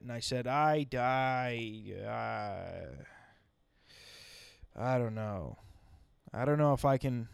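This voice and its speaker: A man's voice: mid-range voice, very slow, vocal fry, pauses often, clean tone, no echo. A young man telling a comic story in a rambling, wry way, often interrupting himself. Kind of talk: comedic storytelling monologue.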